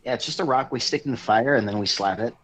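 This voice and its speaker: A man playing a tabletop game, with goofy and excitable in-character banter. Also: mid-range voice, fast talker, a little hiss or hum. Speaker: player.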